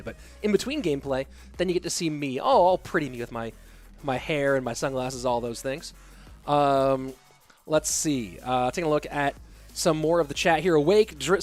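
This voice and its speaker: A man hosting an esports stream, casting games in quick play-by-play and joking with the chat. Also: on the high side. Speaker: esports caster and stream host. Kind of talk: live game commentary and chat reading.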